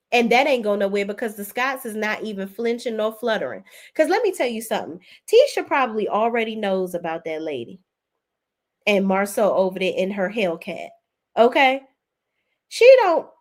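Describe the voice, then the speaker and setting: A woman, hosting a casual live stream where she reads viewer comments aloud and reacts with chatty gossip. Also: a little high. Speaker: YouTube host reading live chat.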